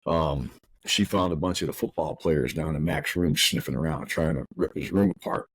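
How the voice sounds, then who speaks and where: A middle-aged man hosting a podcast, telling a painful personal story in a rough, profane, rushed way full of restarts. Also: a bass voice, slight background noise. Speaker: podcast host.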